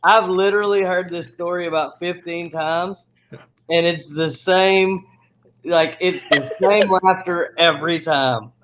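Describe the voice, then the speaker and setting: A man with a high voice chatting easily on a talk show. He sounds laid-back and amused. His talk is loose and friendly. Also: steady tone, a little slow, fairly bright tone, a little hiss or hum, rough recording. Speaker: guest. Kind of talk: casual chat.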